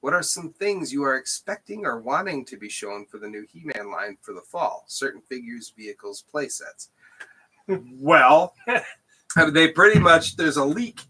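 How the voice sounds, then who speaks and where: A man's voice: a little high, big pitch swings, moderate pace, sharp tone, breathy edge. Laughing, rambling male podcast host. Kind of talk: casual chat.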